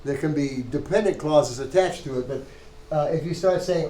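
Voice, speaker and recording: A man teaching a Hebrew reading class, thinking aloud with halting restarts as he parses the text. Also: a little high, steady tone, mellow, roomy sound, slight background noise, low-quality recording. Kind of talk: classroom lecture.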